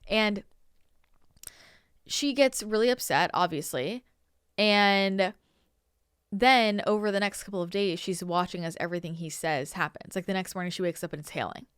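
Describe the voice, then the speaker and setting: A woman's voice: mid-range voice, moderate pace, pauses often, a bit bright, clean tone, no room sound, clean studio sound. A woman from Northern California, hosting her show and rambling casually through a story with lots of "like" and "you know". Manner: chatty, rambling, heavy use of "like" and "you know". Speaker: channeler and show host.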